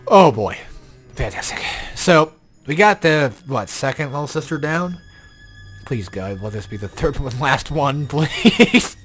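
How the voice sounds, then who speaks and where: A man's voice: on the high side, expressive, measured pace, fairly bright tone, faint music behind. A young man giving casual, rambling gameplay commentary, tired and yawning, swearing often and turning exasperated, with an odd robotic glitch on his voice. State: sleepy, yawning. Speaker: game guide commentator.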